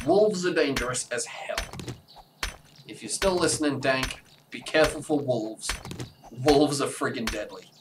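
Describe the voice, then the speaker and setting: Rambling male gamer, distant mic, loud noise. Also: medium pitch. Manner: rambling, chatty, with sudden excited outbursts. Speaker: let's play streamer. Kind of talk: live gameplay commentary.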